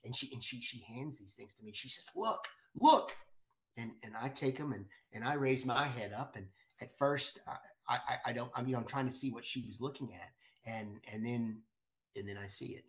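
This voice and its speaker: Excitable man telling a story. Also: medium pitch, brisk. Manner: excited, many restarts and repeated words. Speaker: guest storyteller. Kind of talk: animated storytelling.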